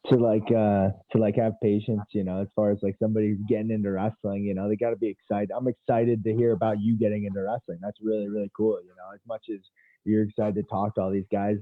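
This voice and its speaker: A man's voice: on the low side, flat delivery, quick pace, dry recording. A man, a wrestling coach and podcast guest, chatting in a laid-back, encouraging way and often repeating his words. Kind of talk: casual chat. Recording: dry tinny phone line.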